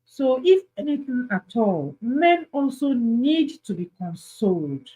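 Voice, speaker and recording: A woman with a Nigerian accent hosts an advice talk, pleading earnestly with her listeners. She speaks slowly and deliberately in a slightly high voice. She often repeats a point to press it home. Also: very animated, dark tone, husky, low-quality recording. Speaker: host.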